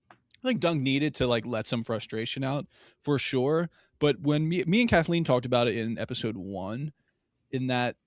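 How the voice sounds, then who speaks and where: A man's voice: mid-range voice, dry recording, studio quality. A man co-hosting a podcast, thoughtfully walking through scenes of a TV episode in casual chat. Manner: thoughtful, walks through scenes with hedging fillers. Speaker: podcast co-host.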